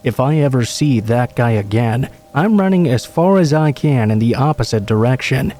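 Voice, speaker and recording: Mellow-voiced man reading horror stories. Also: mid-range voice, animated, moderate pace, faint music behind. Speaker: horror story narrator. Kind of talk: scripted narration.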